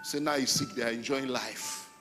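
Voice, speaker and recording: A middle-aged man preaching a sermon as pastor, emphatic and repetitive with sudden loud outbursts. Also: medium pitch, fairly even intonation, moderate pace. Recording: long hall reverb with faint music.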